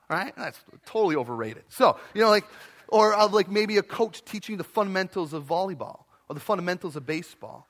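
A young adult man preaching a sermon to a church congregation in a conversational, animated way, dropping into playful voices. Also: sits high, a little fast. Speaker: pastor.

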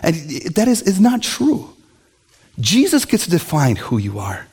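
A middle-aged pastor preaches a sermon full of animated storytelling, using mocking voices for the characters he quotes. His voice is high-pitched, slightly rough, and unhurried.

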